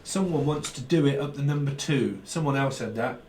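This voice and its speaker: A man's voice: medium pitch, fairly quick, a little mellow, a little hiss or hum. A man giving a rambling tarot reading and slipping into quoted voices. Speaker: tarot reader.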